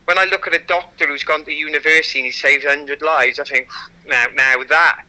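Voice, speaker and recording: A Welsh man, appearing as a guest athlete in a radio interview, speaks fast in a fairly high-pitched voice over poor-quality audio. He tells his stories frankly and animatedly, repeating "you know."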